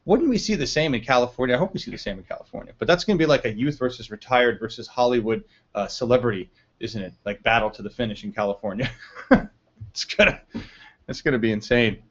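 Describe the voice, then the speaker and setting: A man hosts a casual live stream, talking loosely with a co-host and reading viewer chat aloud. He laughs easily and chats at an ordinary pitch. The audio is dull and lo-fi. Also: fast talker, breathy edge. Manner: chatty, laughs often, reads chat aloud. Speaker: livestream host.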